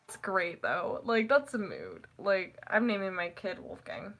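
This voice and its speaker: Bright-voiced giggly young woman. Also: huge pitch swings, measured pace. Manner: rambling, giggly, acts out quotes in high voices. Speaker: vlogger. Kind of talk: casual chat.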